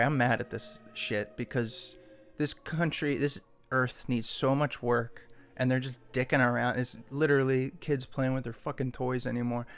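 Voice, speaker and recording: A man's voice: mid-range voice, creaky, fairly bright tone. A man live-streaming, reading news articles aloud and breaking off into irritated, swearing asides. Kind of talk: ranting news commentary.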